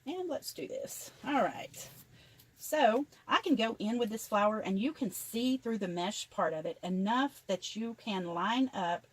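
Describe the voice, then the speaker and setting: A woman's voice: medium pitch, moderate pace, hardly any pauses, rough recording. An older woman chattily narrating each step of a craft tutorial as she works. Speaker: craft vlogger.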